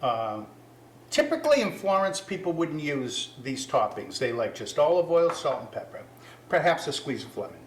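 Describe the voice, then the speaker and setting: A man's voice: a little high, very animated, moderate pace, roomy sound, slight background noise. A man hosting a casual cooking demonstration, chatty and self-correcting, with apologetic asides. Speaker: cooking show host.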